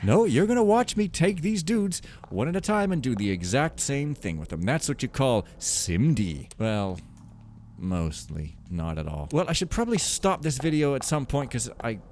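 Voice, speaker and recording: A man's voice: mid-range voice, sing-song, moderate pace, a little mellow, a little hiss or hum. A man giving casual, rambling commentary over a video game, joking and mocking himself as he plays. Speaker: Let's Play commentator.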